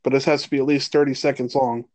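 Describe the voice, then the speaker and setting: A man in his thirties co-hosting a casual sports podcast, swearing freely and ranting with animated energy. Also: mid-range voice, fast, no room sound. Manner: profane, animated rants. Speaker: podcast co-host.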